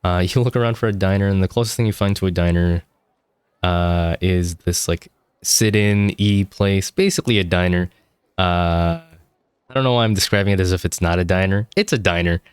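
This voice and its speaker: A man's voice: low voice, moderate pace, smooth, no room sound. A man running a casual tabletop game as game master, rambling and swearing loosely.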